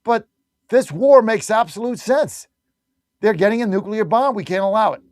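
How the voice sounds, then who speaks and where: A man's voice: high voice, animated, normal speed, a little mellow, no echo, studio quality. A man hosting a talk radio show, delivering an emphatic, combative monologue with lots of repetition.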